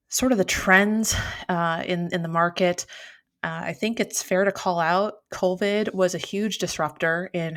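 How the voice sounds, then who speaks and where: A woman co-hosts a podcast, welcoming guests and posing questions in an easy, chatty manner. Her voice sits slightly low for a woman. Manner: friendly, chatty. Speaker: podcast co-host. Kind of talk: podcast hosting.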